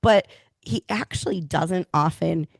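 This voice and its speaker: A woman with a slightly low voice co-hosts a relaxed hockey podcast, upbeat and steering the talk with questions. Her voice sounds close and dry, with no room echo. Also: a little slow, vocal fry. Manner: upbeat, leads the conversation with questions. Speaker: co-host. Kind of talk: casual podcast chat.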